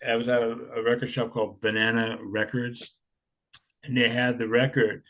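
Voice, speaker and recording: A man's voice: mid-range voice, little pitch movement, moderate pace, a bit bright. A man in his sixties telling stories in a rambling, laid-back way, swearing often. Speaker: interviewee, punk musician. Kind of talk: casual storytelling.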